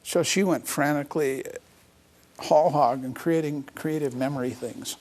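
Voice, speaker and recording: A man's voice: a little high, steady tone, moderate pace, a little mellow. A middle-aged man, an interview guest, telling a personal story in an earnest, reflective way.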